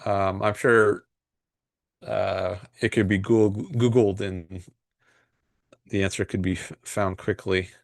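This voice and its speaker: A man hosts his own livestream, talking in a loose, meandering way and reading viewer comments aloud. His voice sits on the low side and sounds dry and close, with no room around it. He hesitates often, filling gaps with "um" and restarting his sentences. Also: fairly even intonation, slow pace, creaky, pauses often, no echo. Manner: rambling and hesitant, frequent fillers and restarts. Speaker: livestream host.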